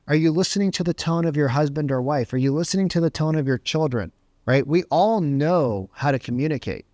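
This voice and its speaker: Man, sales coach, motivational talk, emphatic, rhetorical questions, slightly high voice, dry sound. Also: a little mellow, dry recording. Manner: emphatic, asks rhetorical questions, says "right?" often.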